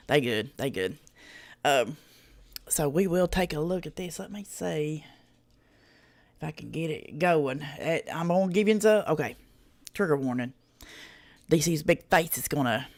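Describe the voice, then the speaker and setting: Livestream host, folksy drawl, salty language, chats with viewers. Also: mid-range voice. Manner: folksy, drawling, swears freely and greets chatters by name. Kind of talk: casual reaction livestream chat.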